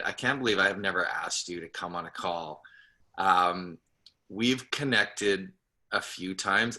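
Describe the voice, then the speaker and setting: A man with a fairly low but very bright, forceful voice hosts a group call. He talks casually and keeps getting choked up, pausing and restarting as he introduces his guest. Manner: tearful, choked up, halting. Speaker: host of a team video call.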